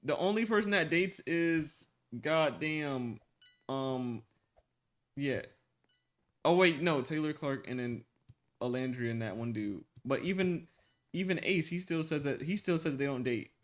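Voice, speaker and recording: A young man streaming live, chatting casually with his viewers in animated slang and laughing often. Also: a little high, unhurried. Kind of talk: casual livestream chat with viewers.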